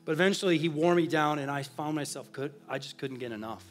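High-voiced earnest male pastor. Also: quick pace, faint music behind. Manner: earnest and confessional, swinging from hushed to emphatic. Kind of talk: sermon with personal testimony.

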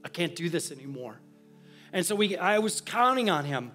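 Male pastor with a high voice who preaches his testimony earnestly over faint music. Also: very animated, moderate pace. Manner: earnest and confessional, swinging from hushed to emphatic. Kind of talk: sermon with personal testimony.

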